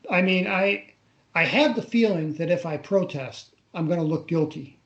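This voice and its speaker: An older man recounting a personal story in a radio interview, in a halting way that often repeats words as he recalls. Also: fairly high pitch, a bit bright, highs cut off. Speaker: interview guest. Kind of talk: casual first-person storytelling. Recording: roomy echo on a radio interview.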